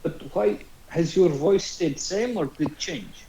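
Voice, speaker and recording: A man's voice: a little high, unhurried, vocal fry, over a noisy crowd. A man voicing a brooding male Genasi warrior who speaks in broken, article-dropping phrases during a tabletop game. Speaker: player. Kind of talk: tabletop role-play in character. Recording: roomy echo.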